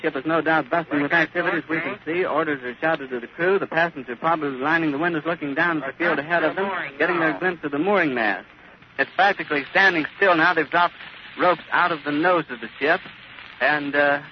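Man giving vivid live commentary on an old archival recording. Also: on the high side. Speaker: radio reporter. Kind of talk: live outdoor eyewitness commentary. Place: airfield outdoors beside a hangar. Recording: scratchy, muffled 1930s archival recording.

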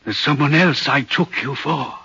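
A haunted, husky railway signalman. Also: medium pitch, sharp tone, full character voice. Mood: uneasy. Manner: earnest, troubled, deliberate storytelling. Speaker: signalman in a radio play. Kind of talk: vintage radio drama acting. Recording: muffled old radio recording.

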